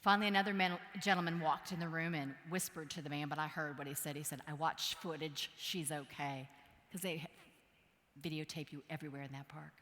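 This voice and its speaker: A woman from Wisconsin giving a motivational keynote speech, telling a story in a playful, animated way and acting out voices and sounds. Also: low voice, fast. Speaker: keynote speaker. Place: large conference hall. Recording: long hall reverb.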